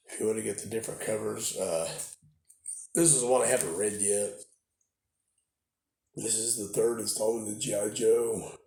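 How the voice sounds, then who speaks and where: This is a man with a fairly low, slightly mellow voice, stuffed up from a cold. A toy-collecting vlogger, he rambles casually into his phone camera at home, repeating things and trailing off, recorded in an echoey room with a little faint noise.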